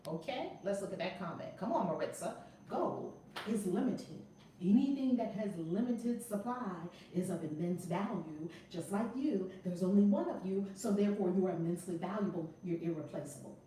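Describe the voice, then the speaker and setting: Energetic woman teaching a live class. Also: medium pitch, moderate pace. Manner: energetic, repetitive, encouraging, greets viewers by name. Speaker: teacher and host. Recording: echoey room, distant mic, faint noise.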